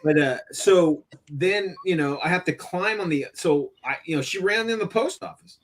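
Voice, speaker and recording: A man on a casual live stream tells a story with plenty of swearing. His voice sits somewhat high, and he throws himself into the angry lines he quotes. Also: moderate pace. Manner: profane, animated, acts out angry quotes. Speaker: stream host.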